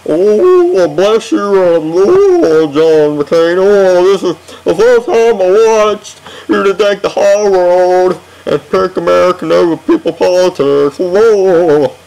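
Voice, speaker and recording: A swooning older diva gushes in a breathy falsetto that sits far above the speaker's usual voice, as a man puts her on. Her drawn-out sighs sound theatrical and a bit distant from the mic. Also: a little mellow, exaggerated voice. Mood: gushing. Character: gushing older female pop diva.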